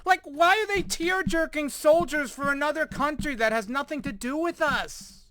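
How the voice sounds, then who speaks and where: An American commentator reacts to news articles in a sarcastic, exasperated, profane rant, sighing often and repeating himself out of frustration. His voice is extremely high-pitched, bright, and forceful, at normal speed, with a faint hiss or hum.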